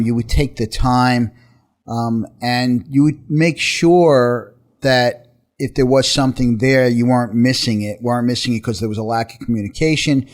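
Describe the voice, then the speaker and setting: New man, radio host, brisk and upbeat, middle pitch. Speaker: radio show host, personal injury attorney. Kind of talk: talk radio chat. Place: radio studio.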